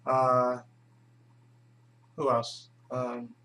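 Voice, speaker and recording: A man's voice: medium pitch, completely flat delivery, drawn-out words, a bit bright, low-quality recording. A man hosting his own video channel, chatting casually to camera with many hesitations and restarts. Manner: rambling, full of hesitations and restarts. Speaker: YouTube channel host.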